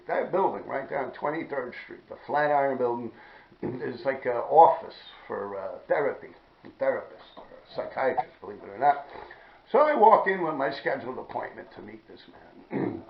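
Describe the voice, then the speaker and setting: A man telling a rambling personal story in profane street slang, often clearing his throat. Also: medium pitch. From New York City. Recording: dull, echoey room recording.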